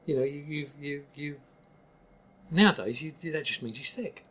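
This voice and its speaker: Older Cockney man, interview guest; husky, blunt, emphatic, restarts a lot. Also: on the high side, moderate pace, a bit bright. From East London, England. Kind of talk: candid interview talk.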